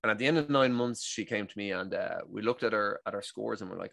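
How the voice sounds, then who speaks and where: An Irish man, a breath coach and guest, telling his story in a casual, animated interview and acting out what others said. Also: lowish voice, quick pace, gravelly, hardly any pauses, dry recording. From Ireland. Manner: animated, acts out quoted dialogue, frequent restarts.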